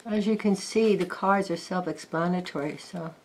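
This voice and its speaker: Older lady with a low voice, gentle chatty card flip-through, faint hiss behind. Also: moderate pace. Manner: gentle, chatty, admiring asides. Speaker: tarot card reviewer.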